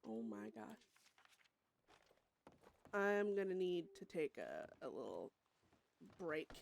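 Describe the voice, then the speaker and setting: A woman streaming a live game roleplay, excitable and quick to laugh and shriek. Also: low-pitched, vocal fry, a little hiss or hum, low-quality recording. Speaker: streamer playing a roleplay character. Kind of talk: live gaming roleplay chat.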